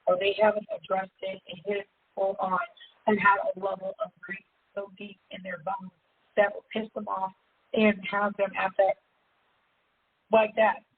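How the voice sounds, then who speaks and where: A woman's voice: little pitch movement, moderate pace, breathy edge. Candid chatty woman on a tinny line. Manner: candid, chatty, laughs often, sudden high-pitched jumps. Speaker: self-help seminar host. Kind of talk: casual personal monologue. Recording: tinny phone-like audio with faint hiss.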